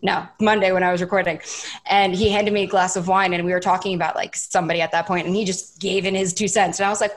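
A young woman guesting on a podcast spins a long, casual story, acting out what people said. Her voice sits on the low side, fast and creaky, and she's animated, quoting herself and others and saying "like" a lot.

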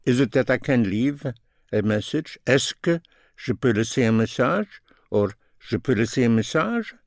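A man teaching a language lesson, slowly and deliberately repeating each phrase in both languages. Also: medium pitch, lively intonation, creaky, no room sound, studio quality.

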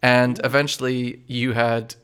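A man narrating as game master in a relaxed way, laughing often between lines. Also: medium pitch, measured pace, clear, resonant tone. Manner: relaxed, chuckling narration with fillers.

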